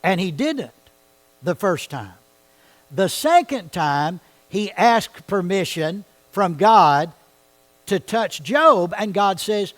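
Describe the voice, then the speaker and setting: A man leads a Bible study in a church. His voice sits a little high for a man. He talks in a conversational way and keeps checking in with his listeners. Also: expressive, takes it slowly, low-quality recording. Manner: conversational, asks the audience questions.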